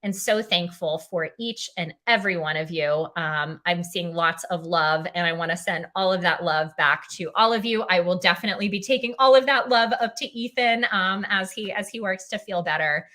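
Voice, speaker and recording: A woman's voice: fairly low pitch, moderate pace, hardly any pauses, pushed and bright. A young woman filling in as a livestream host, tired and emotional, heartfelt, saying "um" often and reading viewer comments aloud. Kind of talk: casual livestream chat.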